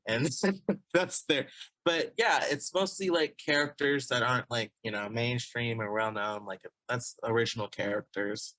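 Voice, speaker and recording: A man's voice: mid-range voice, a little slow, sharp tone, no room sound. A young man from Texas, a guest on an interview podcast, talking casually in a rambling way with frequent laughs and restarts. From Texas, USA. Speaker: guest, illustrator and comic artist.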